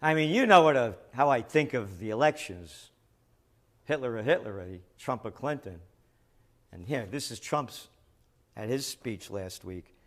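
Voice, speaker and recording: A man's voice: medium pitch, animated, a little slow. A middle-aged man delivering opinionated news commentary, sarcastic and emphatic.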